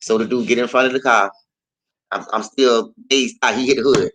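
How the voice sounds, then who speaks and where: A man hosting his own show, telling a story in casual, profane, animated style and acting out the voices in it. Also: normal speed, noisy background. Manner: animated and profane, acting out quotes with big pitch jumps. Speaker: host.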